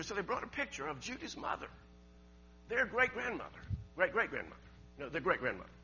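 A middle-aged man, preaching a storytelling sermon. He talks in a folksy way, repeats words, laughs often, and swings from loud to hushed. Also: sits high, very animated, fast talker, muffled recording, slight background noise. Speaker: pastor.

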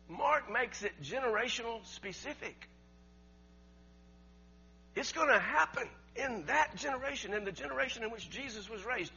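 A man preaching a sermon, emphatic and rising to near shouts, with laughs between his points and words he repeats. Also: sits high. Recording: dull lo-fi recording with mains hum.

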